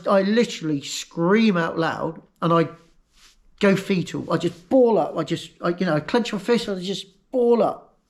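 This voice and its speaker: Man telling his story, halting. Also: a little high. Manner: halting and emotional, repeats words. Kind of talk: personal storytelling.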